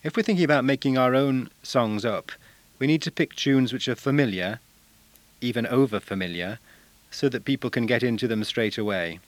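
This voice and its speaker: A male language teacher giving a measured, explanatory talk on using songs in class, now and then singing short examples. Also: mid-range voice, dry recording.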